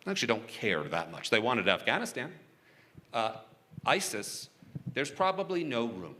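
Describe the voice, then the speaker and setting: A man's voice: mid-range voice, big pitch swings, moderate pace, sharp tone. A man being interviewed onstage about his work negotiating for hostages, talking casually and frankly, chuckling often and restarting his sentences.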